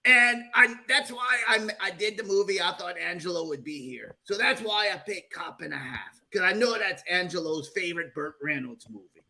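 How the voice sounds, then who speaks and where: A man playing Mister Muscles, a hammy boastful host with a high gravelly voice. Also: lively intonation, moderate pace, sharp tone, slight background noise, heavily acted. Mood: showy, rambling. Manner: showy, rambling, folksy with y'all. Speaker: segment host. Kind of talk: comic character bit on a livestream chat show.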